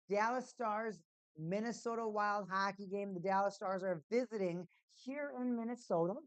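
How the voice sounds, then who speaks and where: A woman hosting a casual live stream at home, chatty and repeating her catchphrases in excited bursts. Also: medium pitch, moderate pace, no room sound.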